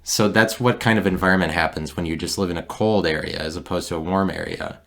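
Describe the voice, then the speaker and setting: A man's voice: low voice, fast talker. A man holds forth alone into a handheld recorder. His talk wanders and turns sarcastic, and he keeps restarting his thoughts as he goes. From Midwestern United States. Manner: digressive, sarcastic, restarts often. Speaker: podcast host. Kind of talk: rambling solo podcast monologue.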